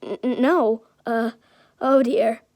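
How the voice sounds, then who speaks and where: A flustered grown man of a hero, all stammers and nervous pauses , as a woman puts him on in a fan story. The voice stays high and unhurried, recorded dry and close. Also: animated, a little mellow, no room sound.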